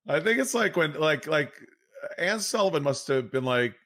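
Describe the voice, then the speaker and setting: A man co-hosting a comedic podcast who banters loudly and profanely, laughing often. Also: on the high side, lively intonation, normal speed. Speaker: podcast co-host. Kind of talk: casual comedic podcast chat.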